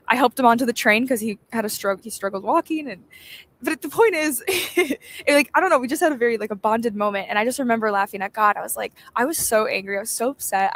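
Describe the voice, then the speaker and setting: A woman's voice: a little high, a little hiss or hum. A young woman giving a casual devotional talk, chatty and storytelling, laughing often. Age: young adult. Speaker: devotional host.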